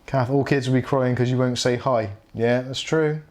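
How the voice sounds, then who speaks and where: A man in middle age hosts a relaxed evening live stream about tech. He chats loosely, reads viewer comments aloud and laughs easily, at an ordinary middle pitch. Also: normal speed. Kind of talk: casual live stream chat.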